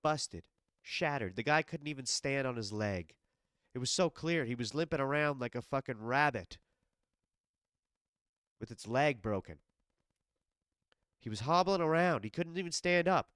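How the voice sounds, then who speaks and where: Casting note: male podcast host, sick and congested, profane animated rant, smooth clear voice, dry close sound. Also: mid-range voice, measured pace, pauses often, no echo. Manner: animated, profane, talks straight to the absent fighter. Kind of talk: casual solo podcast rant. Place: home basement studio.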